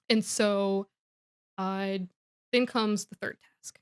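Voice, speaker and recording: A woman's voice: medium pitch, fairly even intonation, takes it slowly, clean tone. A young adult woman co-hosting a podcast, chatting casually through a comedic book recap with lots of "like" and restarts. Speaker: podcast co-host.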